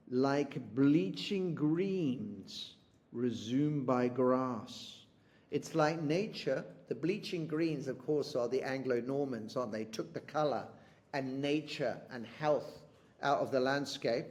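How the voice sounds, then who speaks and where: A man teaching a poetry lesson. He talks to his students and keeps asking "isn't it?", and he reads the quoted lines slowly. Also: medium pitch, a little mellow. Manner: rhetorical tag questions.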